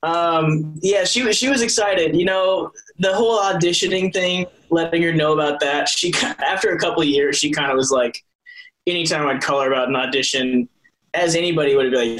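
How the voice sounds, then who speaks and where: A young adult soap opera actor, appearing as a guest in a casual interview, tells rambling stories with many restarts, self-corrections and laughs. His fairly high, fairly bright voice moves a little fast. The audio quality is poor.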